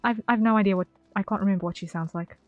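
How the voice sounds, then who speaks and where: A woman's voice: medium pitch, fast, dry recording, highs cut off, soft background music. A young woman streaming from home at her desk mic, chatting casually while playing, rambling and correcting herself. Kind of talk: casual gameplay commentary.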